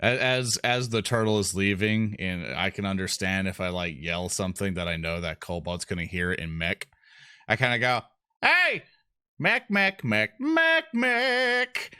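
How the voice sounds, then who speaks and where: A man's voice: deep voice, steady tone, moderate pace, sharp tone, smooth, no room sound, studio quality. A man playing a tabletop game, cracking jokes and laughing between lines. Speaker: player. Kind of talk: in-character tabletop play.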